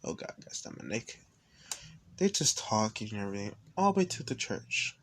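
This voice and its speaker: A man's voice: on the low side, very animated, moderate pace, a bit bright, slight background noise. A man casually narrating a fan-made story for his video channel, rambling and correcting himself as he goes. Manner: rambling, self-interrupting, chatty. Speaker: storyteller vlogger.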